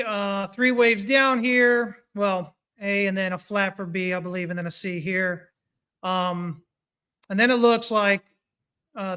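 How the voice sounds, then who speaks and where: A market analyst streams live chart analysis, giving animated, casual commentary on price charts and reading viewer comments along the way. He has a high, clear, resonant voice, and he's hiccuping.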